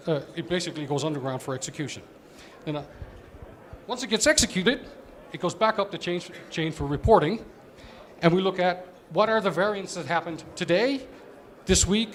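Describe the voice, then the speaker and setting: A man giving a conversational conference presentation as an operations executive, explaining with fillers. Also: fairly high pitch.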